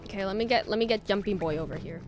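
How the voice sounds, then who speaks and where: A woman's voice: medium pitch, racing. A woman streaming a video game, chatting along and bursting into startled shrieks. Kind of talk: live gameplay commentary. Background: faint game music.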